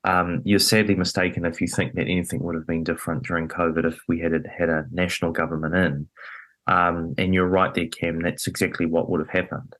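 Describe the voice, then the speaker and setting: A man's voice: low-pitched, little pitch movement, fairly quick, a bit bright. A man talking politics as a podcast guest, emphatic and indignant, with many fillers. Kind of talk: animated political chat. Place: podcast studio.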